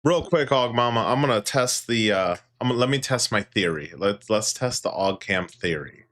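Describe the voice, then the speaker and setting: A man's voice: lowish voice, expressive, moderate pace, fairly bright tone. A man hosting a casual livestream, joking with his chat and talking to his pet parrot, laughing often and swearing casually. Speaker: livestream host.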